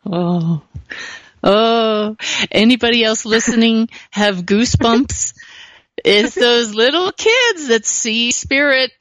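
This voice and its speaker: A woman's voice: on the high side, lively intonation, takes it slowly, a bit bright, no echo, highs cut off. A woman hosting an interview, enthusiastic and speaking straight to her listeners. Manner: enthusiastic, addresses listeners directly. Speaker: podcast host. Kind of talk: conversational interview.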